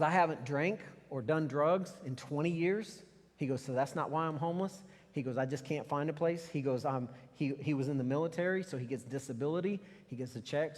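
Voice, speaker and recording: A man preaching a sermon as pastor, telling a personal story in a conversational way with animated asides. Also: a little high. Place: church sanctuary. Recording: long hall reverb.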